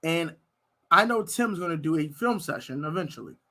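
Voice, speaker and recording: An American man hosting a fan live stream, ranting loudly about his team's players and shouting at times. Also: a little high, normal speed. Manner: loud, animated ranting, shouting and laughing. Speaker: sports fan show host. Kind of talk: heated live-stream rant.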